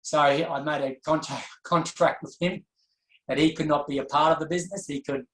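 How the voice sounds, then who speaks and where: Man, interview guest, candid personal story, reflective, halting restarts, echoey room. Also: fairly high pitch, steady tone, a bit bright.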